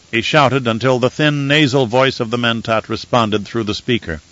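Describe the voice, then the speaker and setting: A man reading a novel aloud as an audiobook narrator, in measured, even storytelling. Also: on the low side. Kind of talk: scripted narration. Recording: dull lo-fi dry audiobook recording.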